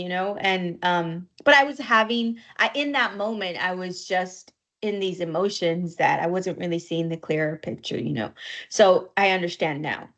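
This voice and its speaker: A woman co-hosting a podcast, telling a personal story in an emotional, halting way, near tears. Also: on the low side, animated. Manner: emotional, halting, with fillers and soft laughs. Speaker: podcast co-host.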